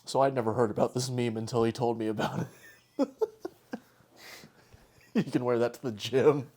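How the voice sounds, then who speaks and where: A man's voice: medium pitch, fairly even intonation, moderate pace, darkish tone. Laughing, teasing male podcast host. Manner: laughs often, teasing, swears casually. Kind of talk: casual chat and party game.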